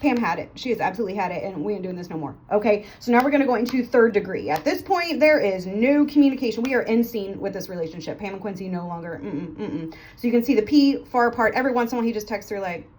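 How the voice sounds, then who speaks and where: A woman teaching nursing students, telling a playful story quickly and stopping to check in with "okay?" after almost every point. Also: mid-range voice, lively intonation, darkish tone, slight background noise. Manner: fast, chatty, playful, keeps checking with "okay?". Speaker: nursing tutor.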